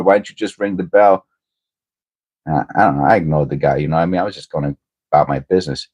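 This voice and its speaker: A man's voice: low voice, a little mellow, slightly rough. A middle-aged man hosting his livestream, telling a rambling personal story in a casual, hesitant way with lots of fillers. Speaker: livestream host.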